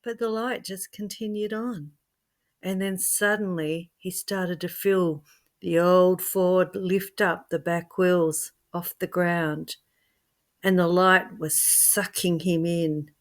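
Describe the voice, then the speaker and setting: A woman telling a scary story in an expressive way, swinging from hushed to loud. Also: lowish voice, slow. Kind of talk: dramatic spoken storytelling.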